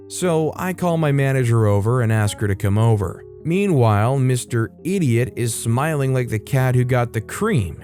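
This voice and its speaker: Man, story host, reading aloud, casual, wry asides, mid-pitched, faint guitar music. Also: expressive, normal speed, hardly any pauses, a little mellow. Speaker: host reading online stories. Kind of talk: story narration with commentary.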